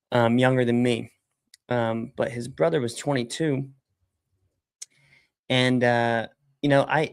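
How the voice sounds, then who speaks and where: A man's voice: mid-range voice, gravelly. A man hosting a casual livestream, chatting while he works at his computer, rambling with lots of fillers and casual swearing. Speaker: software company founder and livestream host. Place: at a computer desk, typing during a livestream.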